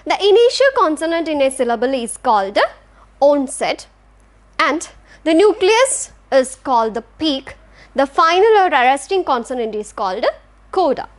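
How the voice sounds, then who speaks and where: A woman's voice: high-pitched, very animated, moderate pace. A woman with an Indian English accent, teaching a lecture and patiently sounding out words syllable by syllable. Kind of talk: classroom lecture.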